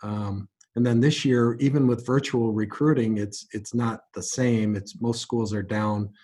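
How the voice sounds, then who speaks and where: A man answering interview questions as a guest, in a measured, earnest way with some stumbles. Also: medium pitch, steady tone, mellow, husky. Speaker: guest, music company president.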